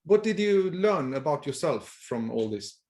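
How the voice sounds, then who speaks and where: A man's voice: on the high side, big pitch swings, darkish tone. A man from Sweden, interviewing a guest in casual talk, often restarting his words. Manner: halting, restarts mid-word. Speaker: interviewer, host. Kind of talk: casual conversation.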